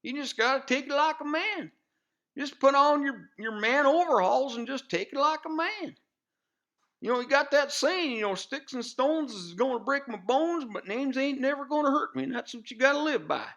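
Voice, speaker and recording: A man playing a loud-mouthed, bigoted redneck commentator with a rural Southern US accent, rambling in a folksy drawl full of fillers on a comedy news show. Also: very high-pitched, lively intonation, moderate pace, vocal fry, dull audio, exaggerated voice. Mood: ranting. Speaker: satirical news pundit. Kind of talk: comedic character monologue.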